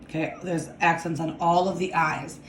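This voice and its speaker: A woman's voice: on the low side, flat delivery, a bit bright, roomy sound, slight background noise. A woman teaching a Spanish grammar lesson, explaining step by step and often checking in with "okay?" while she writes. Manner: slow, deliberate, repeats "okay?" to check understanding.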